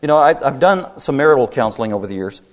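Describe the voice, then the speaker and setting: A man preaching a sermon as pastor, emphatic, rising to loud peaks and dropping low, with rhetorical questions to the congregation. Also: animated, quick pace. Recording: long hall reverb.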